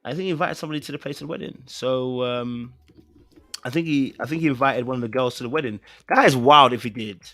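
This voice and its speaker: A man's voice: mid-range voice, fast, a bit bright, dry recording. A man with a British accent hosting a podcast in casual live-stream chat, rambling with many fillers and repeated phrases, playfully insistent. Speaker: podcast host.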